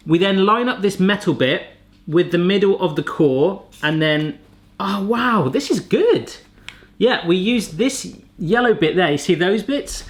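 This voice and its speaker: A man hosting a kitchen gadget video, chatting casually and cracking playful jokes. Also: a little high. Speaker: kitchen gadget reviewer, show host. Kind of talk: casual vlog chat.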